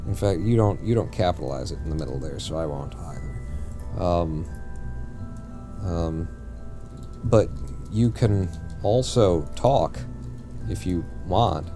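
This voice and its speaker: Low-voiced guy streaming a game, rambly and jokey, keeps fixing what he just said, bit of music in the back. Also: expressive, slow pace, long pauses. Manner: rambling, jokey, often corrects himself mid-sentence. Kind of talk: casual live-stream chat while playing.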